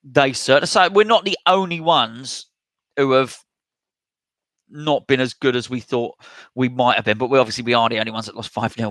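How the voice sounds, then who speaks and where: A man's voice: medium pitch, sharp tone, dry recording. Chatty man reading live chat. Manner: chatty, reads out viewer comments and replies. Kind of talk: casual live-stream chat.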